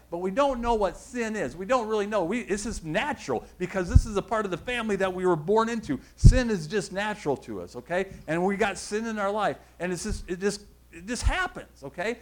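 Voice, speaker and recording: A man's voice: high-pitched, poor audio. This is a male pastor with a somewhat raised voice giving a sermon. He speaks in an easygoing, conversational way. He wanders between thoughts and often corrects himself mid-sentence. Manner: conversational, rambling, self-correcting.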